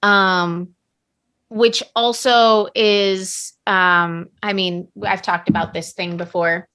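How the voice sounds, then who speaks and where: A woman's voice: medium pitch, fairly even intonation, slow pace, sharp tone, clear, resonant tone. A woman co-hosting a podcast, chatting casually and practically about everyday routines. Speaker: podcast co-host. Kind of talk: casual chat.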